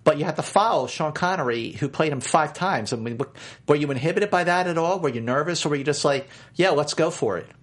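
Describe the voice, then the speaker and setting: A man's voice: fairly high pitch, lively intonation, a little fast, few pauses. A man interviewing a guest on radio, cutting in with questions.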